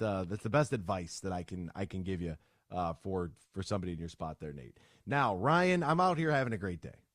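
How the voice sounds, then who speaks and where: A man on a sports radio show with a low, deep-ish voice in a dry, close studio sound. He tells stories animatedly, voicing the people he met. He is blunt and opinionated. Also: no room sound. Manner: animated storyteller, acts out both sides of conversations. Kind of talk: casual sports talk monologue.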